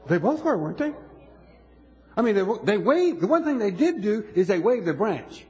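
Husky high-voiced preacher. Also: male voice, big pitch swings, darkish tone, lo-fi sound, soft background music. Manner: conversational, asks the congregation questions, halting restarts. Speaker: pastor. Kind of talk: sermon.

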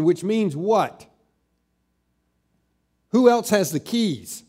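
A middle-aged man preaching a sermon as pastor, slowing down and growing louder when he stresses scripture. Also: expressive. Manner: slows down and rises in pitch and volume when stressing scripture.

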